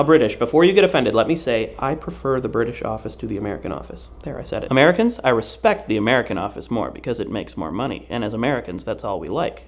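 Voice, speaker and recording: A man delivering a comedic vlog monologue with deadpan, rapid-fire jokes. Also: mid-range voice. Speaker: vlogger.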